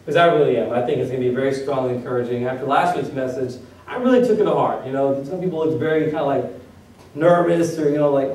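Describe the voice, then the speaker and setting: In a church sanctuary, a male pastor delivers a casual, joking sermon, quizzing the congregation as he goes. His medium-pitched, darkish voice moves quickly, captured from far off in an echoey hall with slight background noise.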